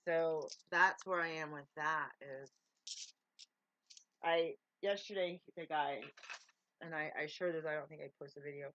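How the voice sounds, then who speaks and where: A woman's voice: low-pitched, fairly even intonation, measured pace, long pauses, a bit bright, dull audio. A woman talking to camera in a casual, rambling check-in, drifting between thoughts and breaking off mid-sentence. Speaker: vlogger.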